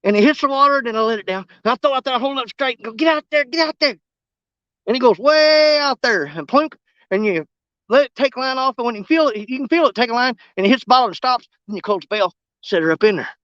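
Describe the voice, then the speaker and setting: A man's voice: very high-pitched, expressive, fast talker, a bit bright, no echo. A man talking fishing, folksy and joking, his voice bouncing up and down. The audio is dry and a little dull. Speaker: fishing vlogger. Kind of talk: casual outdoor vlog chat.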